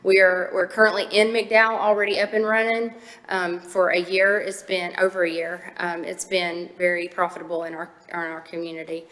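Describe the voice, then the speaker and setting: Woman presenting to a county board, fairly low voice, loose and filler-heavy, long room echo. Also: flat delivery, normal speed, a bit bright. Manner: informal, with frequent fillers and restarts. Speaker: foster care nonprofit representative. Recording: echoey meeting room.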